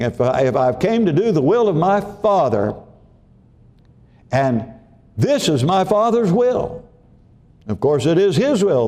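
This pastor's warm voice sits fairly high. Preaching in a homespun style, he circles back to the same phrases and checks with his congregation, asking if they're following along.

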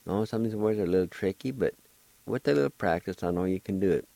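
A man's voice: sits low, quick pace, vocal fry, dark tone, no echo, poor audio. A man teaching a language lesson, spelling and pronouncing words syllable by syllable in a patient, encouraging way. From Oklahoma. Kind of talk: slow spelling and pronunciation lesson.

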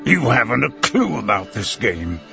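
A man's voice: mid-range voice, sing-song, normal speed, vocal fry, pushed and bright, muffled recording, faint music behind, exaggerated voice. A man voicing a brash, vulgar colonel who sneers and sounds annoyed, in an audiobook reading. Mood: contemptuous.

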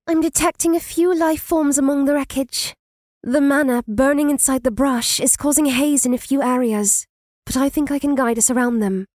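A man voicing a quiet monotone young woman mage. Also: extremely high pitch, normal speed, no room sound, clean studio sound, voice pushed up.

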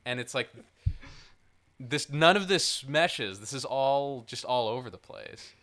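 A man's voice: mid-range voice, measured pace. A man co-hosting a podcast in casual, rambling chat, full of "like" and the odd swear word. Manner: rambling, animated, swears, lots of "like". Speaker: podcast co-host.

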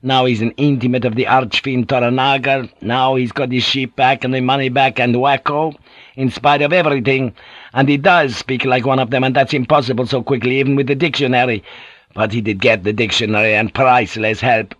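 A man's voice: mid-range voice, fairly even intonation, fairly quick, fairly bright tone, no echo, natural voice. A man reading an audiobook, voicing a bitter, fearful middle-aged ship pilot who broods and argues. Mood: brooding.

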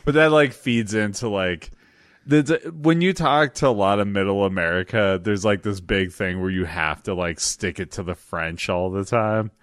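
This man's voice sits fairly low and smooth at a moderate pace, captured in clean studio sound without echo. He co-hosts a podcast, keeping the chat casual, laughing frequently and spinning animated stories.

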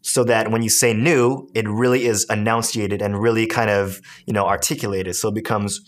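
A man's voice: lowish voice, flat delivery, normal speed. A man teaching beatboxing step by step in a tutorial. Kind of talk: tutorial instruction.

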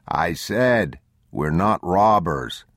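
A male audiobook reader voicing a grim, guarded father who speaks in short, low, terse lines. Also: unhurried, no room sound, studio quality, heavily acted.

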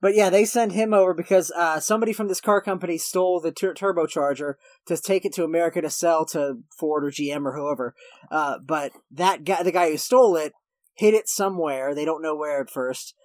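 Rambling, slightly high-voiced podcast guy. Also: brisk, dry recording. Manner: rambling, self-correcting, laughs while recapping. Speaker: podcast co-host. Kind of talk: casual podcast chat about a movie.

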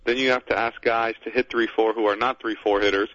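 A man's voice: mid-range voice, fairly even intonation, brisk, a bit bright, dry recording, lo-fi sound. A man speaking as a guest on a sports radio show, blunt and plainspoken in casual talk.

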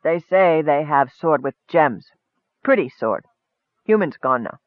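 A man's voice: a little high, animated, a little slow, dry recording. A man doing a sly, cunning goblin. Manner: broken grammar, sly and knowing. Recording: tinny phone-like line, dry.

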